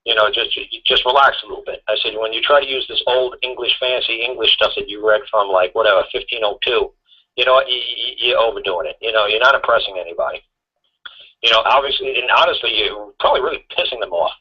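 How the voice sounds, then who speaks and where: A blunt man tells long stories on a talk radio show, swearing and circling back over his own points. His voice is husky, and the radio audio sounds dull and lo-fi. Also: medium pitch, quick pace. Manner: blunt, profane, rambling storyteller.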